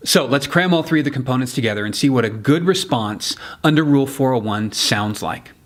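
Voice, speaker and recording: Male trial-skills coach, mid-pitched voice, laid-back teaching tone with deliberate courtroom emphasis. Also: expressive. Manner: casual, blunt asides. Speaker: legal communication coach. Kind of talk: instructional explainer.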